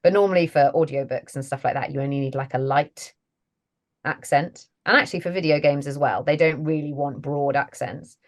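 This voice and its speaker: A woman's voice: low-pitched, a little fast. A woman, a voice actress chatting casually as an interview guest, laughing often and self-deprecating.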